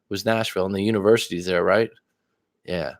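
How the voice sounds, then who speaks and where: A man with a low, gravelly voice talks loosely to his livestream viewers. He rambles from one topic to the next in a chatty way and swears casually. He comes across as a relaxed coach sitting at his webcam. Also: fast talker. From California. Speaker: life coach livestream host.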